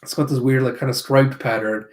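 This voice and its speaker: A man's voice: mid-range voice, fairly even intonation, darkish tone. A man reviewing a comic chapter in a casual read-through, narrating panels with off-hand, sardonic asides. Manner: narrates panels, slips into quick character voices. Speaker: manga reviewer.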